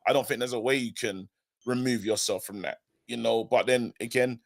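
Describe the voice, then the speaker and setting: A man's voice: mid-range voice, steady tone, normal speed, creaky, no echo, studio quality. A man co-hosting a fan livestream, talking in a laid-back, slangy, conversational way. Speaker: regular co-host on fan channel. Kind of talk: casual live-stream chat.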